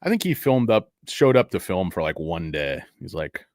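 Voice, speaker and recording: A man's voice: deep voice, sing-song, normal speed, a little mellow, no room sound, clean studio sound. A middle-aged man hosting a casual livestream, rambling and cursing as he rants and reads chat. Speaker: stock livestream host.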